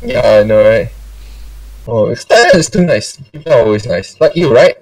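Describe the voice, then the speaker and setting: A man's voice: medium pitch, big pitch swings, normal speed, a little mellow, dry recording. A young man hosting a casual storytime chat. He laughs often, swears casually and drops Singlish particles into his speech. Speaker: storytime podcast host. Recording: dry sound from a distant mic.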